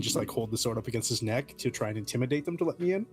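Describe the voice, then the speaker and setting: A man playing a tabletop game, talking quickly and eagerly about his character's moves. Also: mid-range voice, soft background music. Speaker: player. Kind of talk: tabletop game play over a call.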